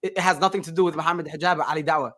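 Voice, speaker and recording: A man with a fairly high voice speaks fast in a heated podcast exchange. He is insistent and keeps talking over the other speakers. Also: steady tone, bright, forceful tone. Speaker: podcast co-host.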